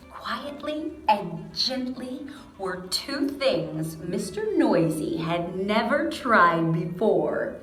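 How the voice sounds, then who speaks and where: A woman reading a picture book aloud to young children in a slow, animated storytelling voice, speaking to them directly. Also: mid-range voice, faint music behind. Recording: echoey room.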